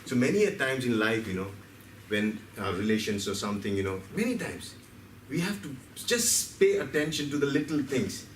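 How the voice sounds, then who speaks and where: A man's voice: mid-range voice, animated, moderate pace, a little hiss or hum. A man from India, giving a playful, story-driven health lecture and asking the audience questions. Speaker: health speaker. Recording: roomy hall, distant mic, faint background.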